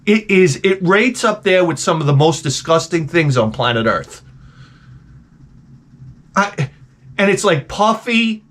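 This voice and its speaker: A middle-aged man telling comedic stories as the host, in an animated, profane, exaggerated ranting style. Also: sits high, measured pace, long pauses. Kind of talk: comedic storytelling rant.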